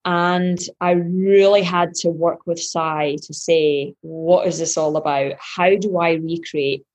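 A woman's voice: fairly low pitch, fairly even intonation, slow, darkish tone. A woman triathlete guest telling a story in an interview, acting out her own past thoughts with animation.

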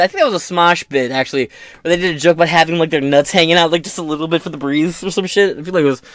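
A man's voice: high voice, a bit bright, no echo, studio quality. A man hosting a podcast, riffing on news in a rambling, profane, joking way. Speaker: podcast host. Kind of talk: casual political podcast commentary.

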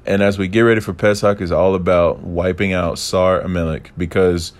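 A man's voice: sits low, flat delivery, moderate pace. A man giving a casual, enthusiastic Torah teaching, rambling with playful asides and restarts.

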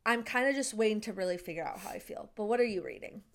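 A young woman co-hosting a casual podcast chat, giggly and animated, swearing casually as she talks. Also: mid-range voice, quick pace. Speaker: podcast co-host.

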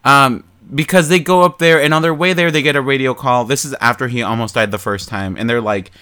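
A man with an everyday mid-range voice talks through a movie plot in loose, casual chat. He is animated and profane, swearing freely and mocking the characters as he goes. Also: mid-range voice, fairly quick, hardly any pauses, clean tone. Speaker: podcast co-host.

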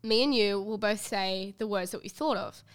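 A woman's voice: medium pitch, normal speed, clean tone. A young adult woman co-hosting a podcast, reacting to stories and explaining a game casually. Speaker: podcast co-host. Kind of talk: casual chat.

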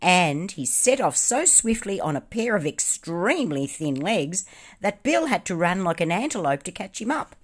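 Brief: woman narrator, low voice, very lively melody, storybook reading. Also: normal speed, breathy edge. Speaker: reader.

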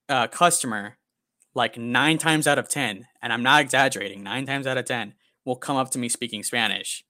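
A young man co-hosting a casual podcast, ranting and swearing in an animated way. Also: mid-range voice, no room sound, studio quality. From America. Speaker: podcast co-host.

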